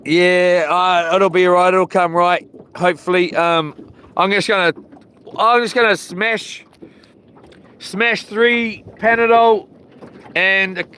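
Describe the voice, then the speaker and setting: Slow and full of long pauses, this man's high voice stays nearly flat in pitch while sounding pushed and bright. He's a fishing vlogger chatting casually on a live stream outdoors by the water, slangy, laid-back and chuckling at his own jokes, with a little hiss or hum.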